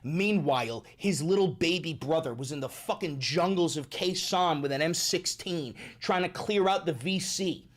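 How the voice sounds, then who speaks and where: A man's voice: fairly high pitch, moderate pace, hardly any pauses. A man livestreaming, chatting casually with his chat and swearing often, with emphatic repeats. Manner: profane, emphatic, repeats himself.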